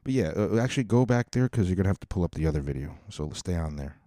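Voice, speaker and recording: A man's voice: low-pitched, animated, fast, dark tone, slight background noise. A man in his thirties hosting a podcast, telling crude, rambling, comedic stories in a mocking tone. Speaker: podcast host. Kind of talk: casual comedic storytelling.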